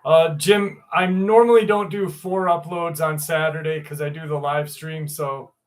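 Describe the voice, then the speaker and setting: Male livestream host, slow rambling chat with viewers, fairly high voice. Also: steady tone, low-quality recording. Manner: rambling, loose, with fillers and swearing. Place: room at home.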